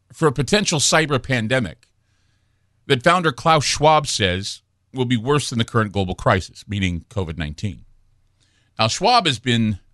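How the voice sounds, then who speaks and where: A man hosting a late-night radio talk show, delivering a brooding, ominous monologue with dramatic pauses and restarts into a studio microphone. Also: medium pitch, no echo. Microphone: studio broadcast microphone.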